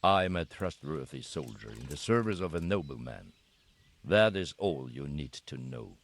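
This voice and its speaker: Tight-lipped game soldier, super deep voice, formal stiff way of talking. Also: male voice, sing-song, gravelly, full character voice. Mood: guarded. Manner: measured, formal, stiff old-fashioned phrasing. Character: guarded middle-aged soldier, formal and secretive. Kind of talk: video game dialogue.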